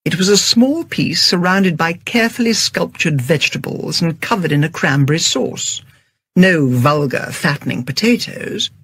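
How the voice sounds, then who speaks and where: An audiobook narrator tells the story in a steady, even manner. The voice is husky and gravelly with plenty of creak. The studio microphone sits close in a dry, dead booth. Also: medium pitch, normal speed, dry recording.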